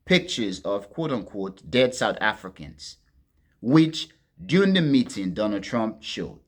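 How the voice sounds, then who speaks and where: Low-voiced man giving emphatic political commentary. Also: sing-song. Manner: deliberate, addresses listeners as friends, stresses words with sharp swings in loudness.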